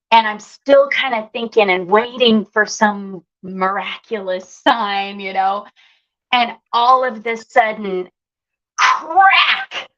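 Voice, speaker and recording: Animated woman storyteller, higher pitch; dull lo-fi sound. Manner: animated, acts out quoted voices. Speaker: guest. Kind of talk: telling a personal story.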